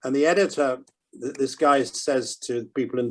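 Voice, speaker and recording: A man's voice: mid-range voice, fairly even intonation, unhurried. A man in his seventies telling an anecdote as a panel guest, hesitant, with many ums and repeated words. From Britain. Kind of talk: conversational anecdote.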